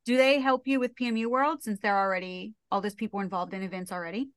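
A woman's voice: medium pitch, steady tone, fast talker, no room sound, studio quality. A woman hosting a podcast, asking curious, playful questions in a casual chat. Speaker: podcast host. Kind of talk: casual conversational interview.

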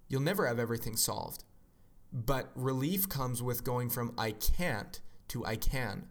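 A man's voice: medium pitch, fairly bright tone. Earnest man giving a motivational talk. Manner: earnest, encouraging, acts out inner voices. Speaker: self-help speaker.

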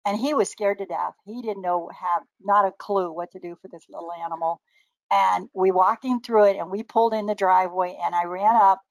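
An older woman chats as a guest, spinning animated stories and slipping into the voices of the people in them. Her voice sits mid-range and sounds dry and close. She laughs easily between lines. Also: mid-range voice, a little fast, vocal fry, no room sound, rough recording. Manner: lively anecdotal, laughs often, acts out quoted voices. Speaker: guest naturopathic doctor. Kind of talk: casual storytelling.

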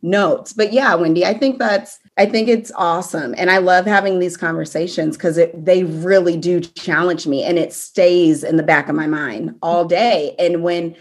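A woman's voice: lowish voice, fairly even intonation, normal speed, hardly any pauses. A young woman co-hosting a casual faith podcast, talking reflectively and laughing between her thoughts. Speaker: podcast co-host. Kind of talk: faith-based casual chat.

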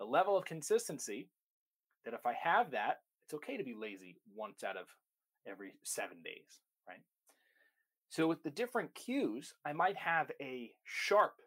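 A man's voice: mid-range voice, a bit bright. A man who trains dogs, explaining recall step by step in an emphatic, direct teaching style. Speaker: dog trainer. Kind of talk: instructional talk.

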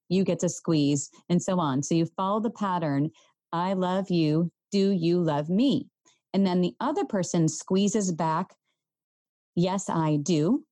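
Earnest soft-voiced woman, podcast host. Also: lowish voice, no echo. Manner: earnest, gentle, speaks to listeners directly. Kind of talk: solo podcast talk.

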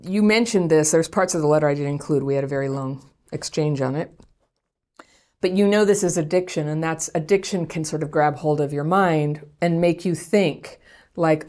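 A woman's voice: low voice, moderate pace, a little mellow. A woman hosting an advice podcast, answering a listener's letter in a frank, conversational way with frequent laughs. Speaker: podcast host giving relationship advice.

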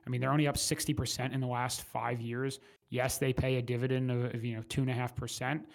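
Flat-voiced male investment guest. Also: medium pitch, vocal fry. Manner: measured, hesitant with fillers and restarts. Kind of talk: casual finance interview.

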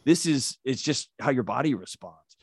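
A man's voice: medium pitch, lively intonation, normal speed, husky, no echo, clean studio sound. A man, a mental health expert, earnestly explaining ideas through vivid everyday stories as a podcast guest. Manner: earnest, storytelling, vivid examples. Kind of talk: interview answer, explaining.

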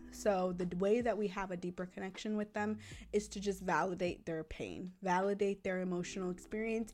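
A woman hosts a parenting podcast in an easy, conversational way. Her voice sits at an ordinary middle pitch. She keeps checking in with a quick "right?" and sounds earnest and reassuring as she explains. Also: darkish tone. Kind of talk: casual teaching talk.

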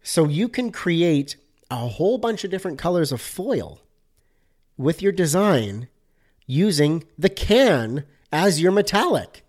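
A man talks on his own in a casual podcast, his voice sitting a little high for a man. He sounds upbeat and chatty, and he pads his sentences with plenty of fillers as he explains things. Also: very animated, unhurried, a little mellow. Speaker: podcast host, designer. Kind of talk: casual solo podcast talk.

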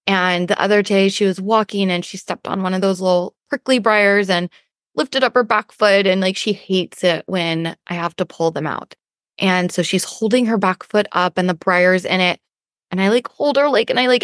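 A woman coach talks through her podcast in a loose, chatty way, full of fillers and little acted-out inner voices. Her voice sits at an ordinary pitch and is recorded close and dry, with no room sound. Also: moderate pace, dry recording. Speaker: weight loss coach and podcast host. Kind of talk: casual podcast monologue.

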